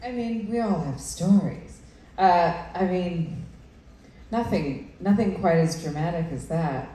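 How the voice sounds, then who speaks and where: A woman on a convention panel, speaking hesitantly with many pauses and fillers. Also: fairly low pitch, animated, warm tone. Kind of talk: candid panel talk. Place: large convention room. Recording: echoey hall from far off.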